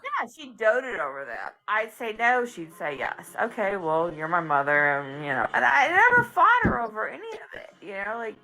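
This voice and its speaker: A woman hosting a live stream in casual chat, animated and emphatic, saying "dude" and "like" a lot. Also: mid-range voice, moderate pace, faint music behind, poor audio.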